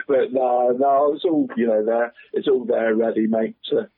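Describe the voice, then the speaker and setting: Husky man on a phone line. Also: medium pitch, steady tone, normal speed, hardly any pauses. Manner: rambling, says "mate" constantly, laughs often. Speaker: regular football pundit. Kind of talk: casual radio chat.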